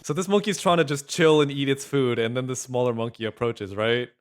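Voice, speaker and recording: A man's voice: medium pitch, fairly even intonation, fairly quick. A man chatting casually on a livestream. He rambles, swears and laughs often. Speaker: streamer.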